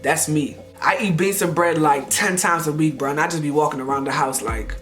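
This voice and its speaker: A young man in his twenties talks casually to his camera. His voice is soft and low, so quiet it almost sounds whispered. He tells his stories in a shy, relaxed, slangy way over faint background music. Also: fairly quick. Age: 20s. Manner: shy, laid-back slangy storytelling. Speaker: YouTuber. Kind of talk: casual vlog chat.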